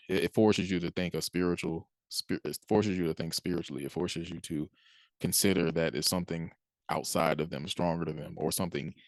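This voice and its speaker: Low-pitched and recorded with no room sound, a male Christian speaker gives an informal talk about faith. He chats conversationally, acts out others' reactions, and chuckles frequently between points.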